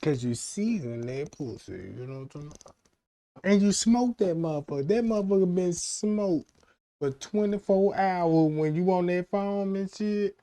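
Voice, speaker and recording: A man's voice: sits high, animated, normal speed, mellow, no echo. A man rambling through a crude comic story, often checking in with his listener and acting out other people's lines. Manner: rambling, keeps asking "you know what I'm saying", acts out quoted voices. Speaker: streamer.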